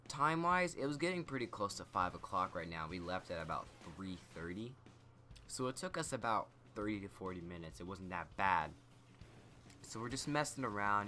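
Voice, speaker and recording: Teen male vlogger, low-pitched, bright forceful tone, casual rambling storytelling. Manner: rambling, lots of "like" and "you know". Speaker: YouTuber.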